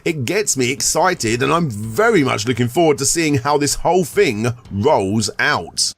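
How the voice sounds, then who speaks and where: Earnest man giving a measured opinion. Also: mid-range voice, expressive, a bit bright, faint music behind. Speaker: YouTuber in a clip. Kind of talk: casual vlog commentary.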